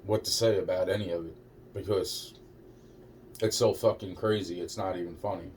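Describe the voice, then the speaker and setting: A man's voice: sits low, fairly even intonation, moderate pace, darkish tone. A man talking in a rambling personal monologue, agitated and repetitive, swearing heavily and restarting his sentences. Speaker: vlogger. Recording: distant mic with faint background noise.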